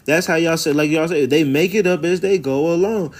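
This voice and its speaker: A man's voice: a little high, brisk, few pauses. Slangy man ranting over a clip. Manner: loose, ranting and sarcastic, with slangy talk. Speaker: commentator reacting to a video clip. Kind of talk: casual reaction commentary.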